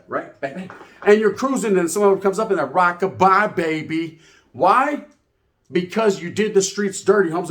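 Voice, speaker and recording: A man, telling a story as ranting commentary, full of profane street slang and Spanish words. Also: a little high. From California. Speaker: channel host.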